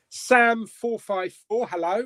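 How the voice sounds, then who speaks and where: A man hosting a casual live-stream chat, jokey and quick to laugh. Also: sits high, sharp tone, no echo. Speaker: host of a live chat show.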